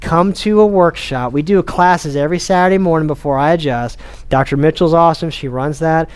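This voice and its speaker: A man with a Texan accent giving an informal health talk to patients as a chiropractor, energetic, restarting sentences and repeating words as he goes. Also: fairly high pitch, a little fast, clear, resonant tone. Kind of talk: casual seminar talk to patients.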